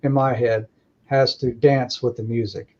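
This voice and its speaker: Male guest on a call, mellow tone, rambling casual talk, dull lo-fi audio. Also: medium pitch, steady tone, unhurried. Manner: rambling, reflective, lots of "you know". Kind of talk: casual conversation.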